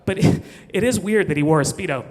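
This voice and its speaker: A man's voice: high-pitched, lively intonation, quick pace, a little mellow. Self-mocking storyteller man in a reverberant hall. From Missouri, USA. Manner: chatty, self-mocking, laughs through his story. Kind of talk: live comedic storytelling.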